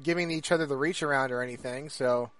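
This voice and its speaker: A man's voice: medium pitch, fast, fairly bright tone, dry recording. A man co-hosting a podcast in casual chat, joking in an offhand way. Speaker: podcast co-host.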